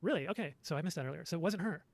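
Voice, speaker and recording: A man's voice: on the high side, animated, racing, vocal fry. A man on a stream panel, talking through his guesses casually and questioning things. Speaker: panel guest.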